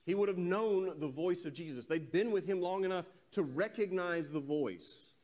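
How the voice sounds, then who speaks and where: A male preacher giving a sermon, telling a scripture story with animated delivery and reading verses slowly and solemnly. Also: high-pitched. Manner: animated storytelling, voices quoted characters.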